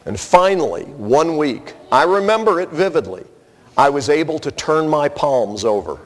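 A man's voice: on the high side, sing-song, moderate pace. A man preaching a sermon as pastor, earnest and conversational, telling personal stories to his congregation. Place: church sanctuary. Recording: long reverb of a large hall.

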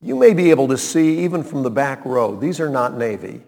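An older man telling a personal story to a live audience, animated, with sudden emphatic exclamations and wry asides. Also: medium pitch, brisk, gravelly. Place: hall with a seated audience. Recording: long hall reverb, live room.

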